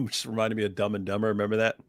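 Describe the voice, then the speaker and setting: A man co-hosting a live stream, making deadpan, sarcastic remarks in casual chat. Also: fairly low pitch, quick pace, no echo, clean studio sound. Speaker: co-host.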